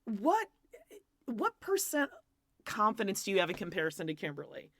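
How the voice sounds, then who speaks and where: A woman's voice: medium pitch, wildly swooping pitch, moderate pace, fairly bright tone. A woman co-hosting a podcast in casual gossip chat, blunt and joking, full of "like" fillers. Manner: chatty, frequent "like" fillers, blunt jokes. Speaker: podcast co-host.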